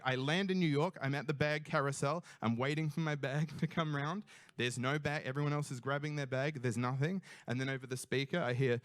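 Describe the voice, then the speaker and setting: A young Australian man telling a funny personal story on stage, animated and self-mocking, swearing freely. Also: on the high side, brisk, no echo. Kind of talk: live storytelling.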